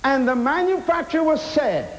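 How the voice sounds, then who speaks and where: A man's voice: very high voice, expressive, moderate pace, poor audio. A man preaching a sermon in an auditorium, emphatic, asking rhetorical questions and calling the crowd to respond.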